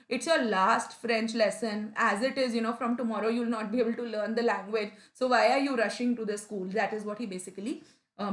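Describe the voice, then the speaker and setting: A woman's voice: a little high, echoey room. A young woman teacher, explaining a story chapter to students in a conversational way, often repeating herself and saying "you know.". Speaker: English teacher.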